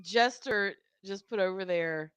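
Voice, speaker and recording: A woman co-hosting a casual live stream from home, speaking slowly with frequent giggles and agreeing murmurs. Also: medium pitch, fairly bright tone, smooth, dry recording. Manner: slow-spoken, giggly, lots of agreeing murmurs.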